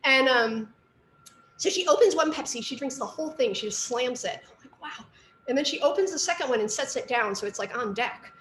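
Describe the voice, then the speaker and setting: A middle-aged woman with a slightly high voice tells stories from her art training in a chatty, rambling way. She is recorded in an echoey room with a faint hiss behind her. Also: lively intonation, fairly quick, fairly bright tone. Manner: chatty storytelling with fillers and asides. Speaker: artist and art teacher. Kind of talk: casual lecture talk.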